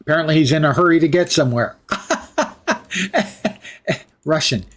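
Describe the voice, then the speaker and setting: A man's voice: on the high side, very fast. A man streaming live, chatting through gameplay with wry asides and jokes.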